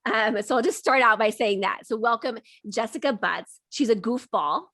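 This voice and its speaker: A woman's voice: fairly high pitch, normal speed, a bit bright, no room sound, clean studio sound. A woman hosting a talk show, chatty and bubbly, giggling often with lots of fillers. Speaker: host. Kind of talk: scripted intro then casual interview chat.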